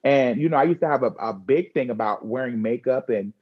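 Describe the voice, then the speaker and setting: A woman talking candidly in a conversational chat, frank and expressive with slangy asides. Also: rumbling low, brisk, slightly rough, highs cut off.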